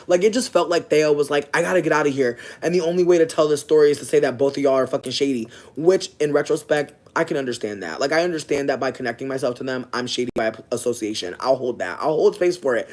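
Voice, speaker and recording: A young man telling a personal story in a casual, profane, slangy way, swinging from low asides to loud, animated outbursts. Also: quick pace, few pauses. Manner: breaks off to talk to passersby.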